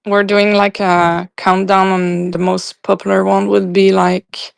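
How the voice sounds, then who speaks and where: A woman's voice: mid-range voice, flat delivery, unhurried, vocal fry, clean tone. A woman with a French accent, a native French speaker, chatting as a podcast guest, hesitant and searching for words. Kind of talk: casual chat.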